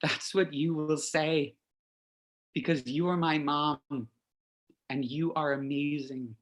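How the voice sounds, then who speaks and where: A man's voice: fairly high pitch, steady tone. An actor playing a lonely, lovesick man who rambles and confesses in a video message to his mother, in a theatrical monologue. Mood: tender. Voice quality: gushing, rambling, quick to confess. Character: lovesick, lonely, chatty young man in lockdown.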